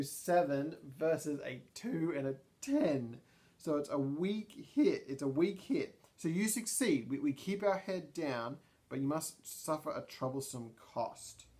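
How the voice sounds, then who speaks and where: A man's voice: fairly high pitch, a little mellow. A man narrating a solo tabletop game, thinking aloud with many ums and restarts. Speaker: storyteller and player.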